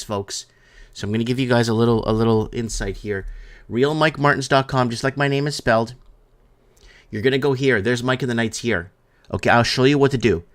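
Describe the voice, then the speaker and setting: A man hosts a live-stream talk show at a middle pitch. His delivery is loose and rambling, and he keeps restating the same point to drive it home. He reads out viewer comments between his own remarks.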